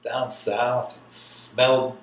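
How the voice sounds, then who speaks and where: Slow and a bit bright, his medium-pitched voice stays level as this New York army veteran in his sixties tells his life story for an oral history interview. He rambles and laughs along the way. The roomy recording has a faint background hiss.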